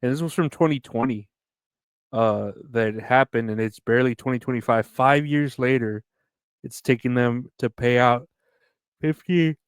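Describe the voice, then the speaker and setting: A man's voice: mid-range voice, normal speed, clean tone, no echo. Man hosting a casual podcast, tired and yawning, rambling and sarcastic, dry close sound. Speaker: podcast host. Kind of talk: casual solo podcast chat reading news.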